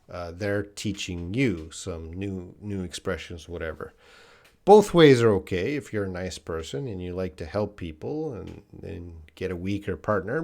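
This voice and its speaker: A man, teaching English on a live stream, chatting casually and often restarting his sentences. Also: on the low side. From Canada. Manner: casual, restarts often, reads viewer comments aloud.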